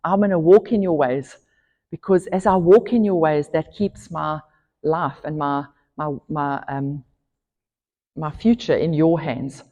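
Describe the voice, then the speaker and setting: A woman's voice: deep voice, fairly even intonation, a little slow, warm tone, highs cut off. Woman preaching in a church hall. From South Africa. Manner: earnest preaching, rising emphatic for scripture. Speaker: pastor. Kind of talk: sermon.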